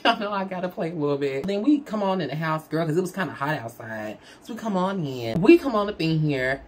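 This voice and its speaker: A woman with a low-pitched voice tells a personal story in relaxed storytime fashion. She is chatty and candid, talking to the viewer like a close friend. There is a faint noise floor behind her. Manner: chatty, candid, addresses the audience as "girl" and "y'all"; animated, with big swings in pitch. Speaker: storyteller vlogger. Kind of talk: casual storytime chat.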